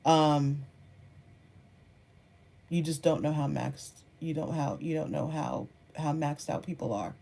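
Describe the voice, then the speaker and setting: A woman content creator in a casual livestream chat, reading comments and answering viewers, animated and quick to laugh, moving between soft musing and excited outbursts. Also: low-pitched, gravelly. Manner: laughs often, talks straight to viewers.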